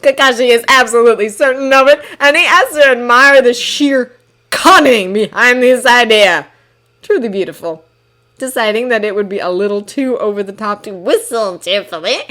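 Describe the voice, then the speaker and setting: A woman narrating a fan-written story as an expressive audiobook reading. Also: on the high side. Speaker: fanfiction reader.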